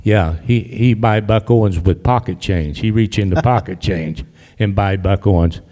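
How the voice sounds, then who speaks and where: Folksy older man, dark hall echo. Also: lowish voice, normal speed. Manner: folksy, meandering, many restarts. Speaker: audience member. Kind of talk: rambling public remarks. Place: library event hall. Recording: long hall reverb.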